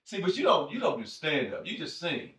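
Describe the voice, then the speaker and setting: Teasing man host with lively pitch. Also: fairly quick, distant mic. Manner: teasing, joking interviewer. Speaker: comedian and podcast host. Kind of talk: casual chat. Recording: echoey room, voice from off-mic.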